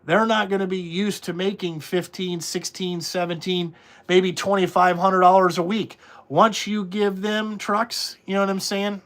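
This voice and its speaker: A man's voice: sits high, flat delivery, measured pace, a bit bright. A man who runs a trucking business, talking in a blunt, rambling way and swearing freely in casual podcast conversation. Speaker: trucking company owner.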